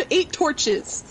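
A woman's voice: very high voice, slight background noise, rough recording. A woman streamer chatting in a laid-back way over a game, swearing casually. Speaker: fellow streamer. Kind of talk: casual gameplay chat.

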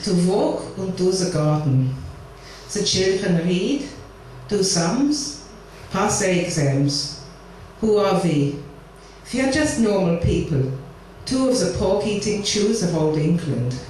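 A woman's voice: medium pitch, very animated, takes it slowly, darkish tone. A wry elderly grandmother speaks, put on by a woman reading her poems. Her delivery is dry and matter-of-fact. She sounds distant in a very echoey room, with faint noise behind her. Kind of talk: poetry reading. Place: live performance venue.

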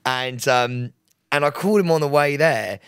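A man, co-hosting a podcast in casual chat, excitable and giggly with loud squeals. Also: medium pitch, normal speed, clean tone, no echo, clean studio sound. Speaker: podcast co-host.

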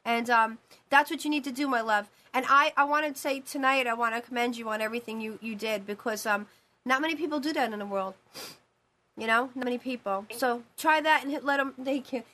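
A woman's voice: on the high side, fairly quick, bright, forceful tone. A woman hosting a live call-in show as a psychic medium, talking in a rambling, emphatic way with many repeated phrases.

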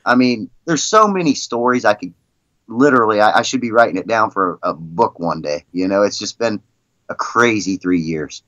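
Deep-ish guy rambling thru stories on a podcast, kinda dull muffled sound. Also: expressive, moderate pace, fairly bright tone, no echo. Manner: rambling, frequent "you know" and "I mean". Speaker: guest, league president. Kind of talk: casual storytelling in a podcast interview.

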